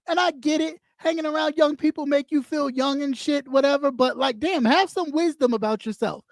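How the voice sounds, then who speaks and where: Talking briskly with few pauses, this YouTube streamer, a woman with a high voice, mocks and swears her way through a blunt, profane rant on camera. The audio is clean studio sound with no echo.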